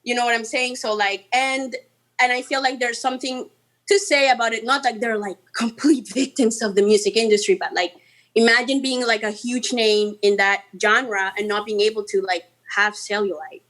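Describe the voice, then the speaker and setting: A Colombian woman musician, a guest in a casual interview, talking in an animated, chatty way with playful, mocking asides. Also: fairly high pitch, normal speed. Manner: animated and chatty, full of "like" and "you know".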